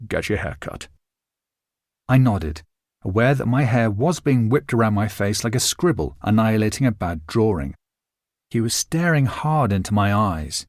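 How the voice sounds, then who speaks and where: With a lowish voice, a man narrates a novel as an audiobook reader, telling the story in a measured, expressive way. It's scripted narration with clean studio sound and no echo.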